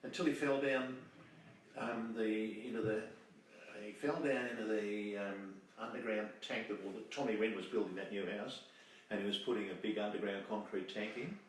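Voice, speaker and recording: A man's voice: fairly low pitch, steady tone, normal speed. An older Australian man telling rambling, chatty anecdotes and laughing at old memories. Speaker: storyteller. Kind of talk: casual reminiscing. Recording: distant mic in echoey room, faint hiss.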